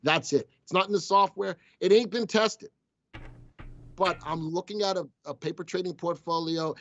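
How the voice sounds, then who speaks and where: A man's voice: high-pitched, moderate pace, fairly bright tone, no echo, highs cut off, faint music behind. A man hosting a casual live stock-market show, teasing his viewers and crew as he talks. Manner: playful, teasing banter with chat. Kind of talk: casual live-stream commentary.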